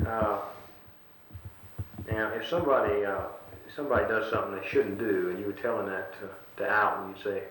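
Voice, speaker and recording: A man, a bit low in pitch, leads an interview with patient, halting prompts. He restarts his sentences often and feeds the other speaker sentence openings to finish. The old tape is very roomy and carries a steady hiss. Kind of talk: dialect elicitation interview.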